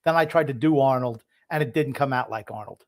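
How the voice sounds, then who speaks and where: A man co-hosting a casual sports podcast, gruff and teasing with crude humor. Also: mid-range voice, fairly quick. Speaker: podcast co-host.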